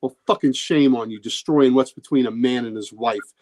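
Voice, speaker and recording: A man's voice: on the high side, moderate pace, dark tone, voice pushed up, natural voice. A man voicing a bitter, foul-mouthed old father crippled by a stroke, snarling and taunting. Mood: venomous.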